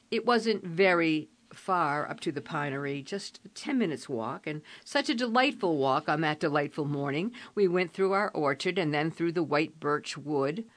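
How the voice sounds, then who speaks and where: Audiobook narrator: a woman with a low, gravelly voice, reading with expression. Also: a bit bright, no echo.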